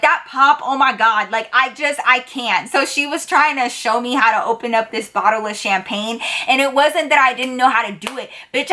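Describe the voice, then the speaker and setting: A young woman telling a story to her viewers in a chatty, expressive way, full of slangy asides. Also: medium pitch. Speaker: storytime vlogger. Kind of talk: casual storytelling to camera.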